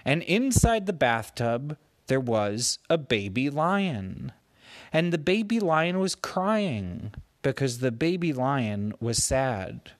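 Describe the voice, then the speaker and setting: A man slowly making up a gentle bedtime story for his child, with playful voices for the characters. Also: medium pitch, very animated, no room sound. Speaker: parent telling a bedtime story.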